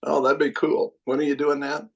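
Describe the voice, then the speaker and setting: A man's voice: fairly high pitch, little pitch movement, normal speed. A retired man, a regular podcast guest, chatting casually and telling rambling stories with frequent laughs. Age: older. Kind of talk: casual chat. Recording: slightly dull lo-fi sound.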